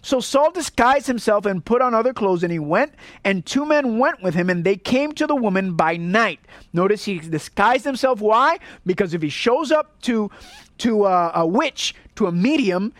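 Man from puerto rico preaching, highish voice, dry close sound, keeps asking right?. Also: lively intonation, normal speed, fairly bright tone, no echo. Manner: earnest, rhetorical, repeats "right?". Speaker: pastor. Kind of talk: sermon.

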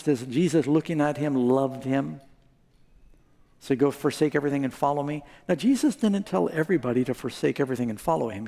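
A man's voice: fairly high pitch, dark tone. A man preaching a sermon, telling stories with dramatic voices for the people in them and asking the congregation for amens. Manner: dramatic storytelling, acts out quoted voices, asks the crowd for amens. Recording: long hall reverb.

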